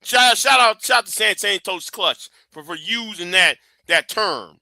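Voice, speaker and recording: Guy ranting on his stream, high bright voice, blunt and swearing a lot. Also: lively intonation, a little slow, creaky, no echo. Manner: blunt, profane and emphatic. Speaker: livestream host. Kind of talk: heated commentary rant.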